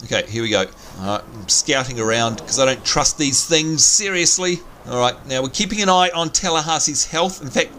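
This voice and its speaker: A man's voice: on the high side, bright, forceful tone, a little hiss or hum. A man hosting a let's play, chatting through gameplay and panicking and yelping when he is scared. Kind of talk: gaming commentary.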